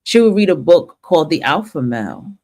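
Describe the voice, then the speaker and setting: A woman's voice: low voice, very animated, fairly quick, warm tone. A woman from the northern United States hosting a talk stream and giving a blunt, profane opinion monologue, often restarting her sentences.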